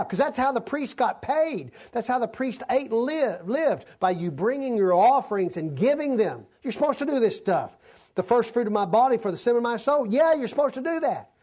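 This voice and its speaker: A man's voice: extremely high pitch, big pitch swings, normal speed, a little mellow. A male preacher giving an expository sermon, reading scripture aloud and breaking into folksy, conversational asides. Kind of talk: sermon, expository Bible teaching.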